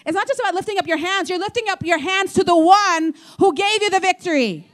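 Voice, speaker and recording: A woman with a high voice preaches a sermon. She is animated and acts out the voices she quotes. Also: quick pace, hardly any pauses. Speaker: pastor.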